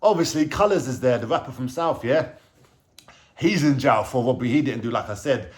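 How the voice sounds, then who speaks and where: A man with a London accent telling a personal story to camera in a casual, animated way, using heavy street slang and frequent swearing. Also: mid-range voice, brisk. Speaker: vlogger telling his life story.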